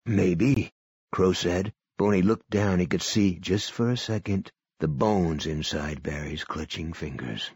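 A man giving a measured, expressive audiobook narration. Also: sits low, husky, dry recording.

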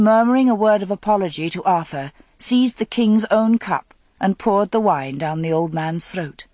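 A narrator reading a dramatic story aloud in a measured manner. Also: medium pitch, a little mellow, no echo. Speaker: audiobook narrator.

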